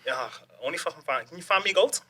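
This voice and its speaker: A man's voice: on the high side, lively intonation, very fast, sharp tone, husky. A young man, a guest on a podcast, telling a story in rambling casual chat, swearing freely and laughing often. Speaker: guest, MMA fighter.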